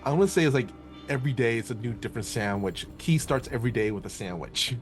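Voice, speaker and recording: A man at a tabletop game, calmly describing what his character does and improvising silly details. His voice sits at an average male pitch. Faint music plays in the background. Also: fast. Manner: playful, improvising. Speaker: player. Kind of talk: casual tabletop play.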